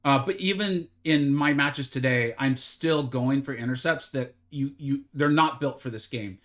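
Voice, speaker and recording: A man streaming a mobile fighting game live, chatting casually with his viewers, joking at his own expense, and sometimes slipping into a mock infomercial pitch. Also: measured pace, a bit bright. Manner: chatty, self-deprecating, bursts into mock infomercial hype. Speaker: gaming streamer.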